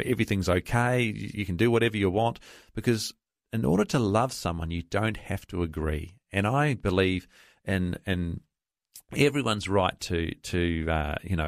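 A man's voice: low voice, gravelly, no room sound, clean studio sound. A man co-hosting a Christian talk radio show, speaking earnestly with frequent restarts. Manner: earnest, halting with many restarts.

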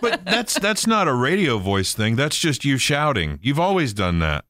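A middle-aged man co-hosting a radio show tells animated stories, now and then acting out other people. His voice sits mid-range and is recorded dry and close. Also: mid-range voice, normal speed, no room sound. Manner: animated storyteller, mimics people. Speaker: radio co-host. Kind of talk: casual banter.

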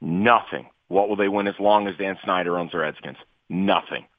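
A man's voice: low voice, steady tone, normal speed, no echo. A man calling in to a sports radio show, blunt and opinionated, giving his pick of the week. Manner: blunt, opinionated, odds-focused. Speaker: sports betting guest. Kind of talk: call-in radio chat. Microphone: phone line. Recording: tinny phone line.

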